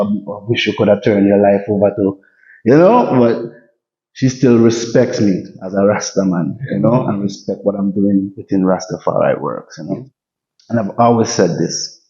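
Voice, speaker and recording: A man, a reggae artist talking casually in an interview, relaxed and given to restarts and "you know" tags. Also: lowish voice. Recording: muffled lo-fi audio.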